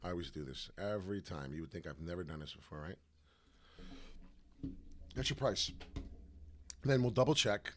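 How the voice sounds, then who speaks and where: Low-voiced guy going over crypto charts, super animated, kinda rough morning voice, keeps saying right?. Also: unhurried, pauses often, a little hiss or hum. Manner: animated, loose, repeats "right?" often. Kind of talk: casual livestream chart talk.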